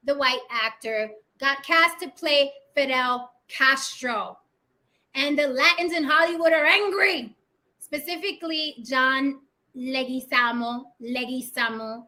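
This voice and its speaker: A woman's voice: high-pitched, bright, forceful tone. A woman actress hosting her own video channel, talking bluntly to camera, swearing freely and checking in with her viewers with "right?". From Puerto Rico. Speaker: vlog host and actress. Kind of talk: casual opinion monologue to camera.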